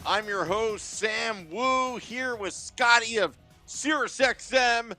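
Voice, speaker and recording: A man hosting a casual hockey recap podcast, with a wry, deliberate delivery. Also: very high voice, bright, forceful tone, no echo, soft background music. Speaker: podcast host.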